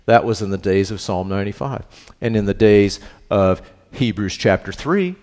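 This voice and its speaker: Animated man preaching conversationally. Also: lowish voice, normal speed. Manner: questioning, checks in with "right?"; swings between hushed and animated. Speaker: pastor teaching a Bible study. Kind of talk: conversational sermon.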